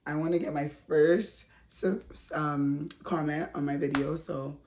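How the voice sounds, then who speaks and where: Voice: medium pitch, steady tone, a little slow, darkish tone, a little hiss or hum. A reality TV recap vlogger talking in a casual, slangy, chatty way with frequent laughs. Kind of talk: casual commentary.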